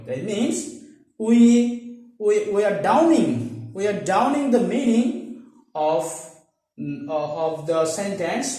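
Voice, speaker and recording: A man, an English lecturer, teaching an online grammar lesson and repeating each example slowly. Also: high voice, very animated, mellow. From Bangladesh. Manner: slow, repeats example sentences, restarts words. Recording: echoey room, far from mic.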